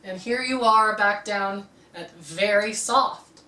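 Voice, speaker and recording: A woman's voice: mid-range voice, slow pace, bright, forceful tone, far from the mic. A woman teaching a harp lesson, explaining music terms patiently and often checking in with "okay". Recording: roomy, from off-mic.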